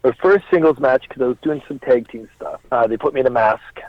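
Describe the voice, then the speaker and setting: A man in his thirties, a pro wrestler guest on a podcast, telling stories in a relaxed way, chuckling often and swearing casually. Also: medium pitch, fairly quick, a little hiss or hum. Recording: dry, slightly dull podcast audio.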